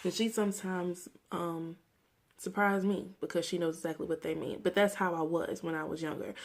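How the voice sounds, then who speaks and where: Speaking at a moderate pace in a lowish voice with fairly even intonation, a twenty-something vlogger from Mississippi, USA, rants personally to camera. Her tone is earnest and reflective as she candidly works through memories.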